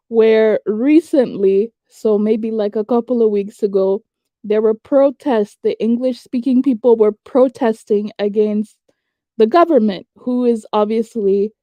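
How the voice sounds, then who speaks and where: A woman hosts a reaction video in casual commentary, thinking aloud and weighing her words. Her voice is fairly high yet mellow and warm, with a dry, close sound. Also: no echo, dull audio. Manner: conversational, thinks aloud with fillers and hedges.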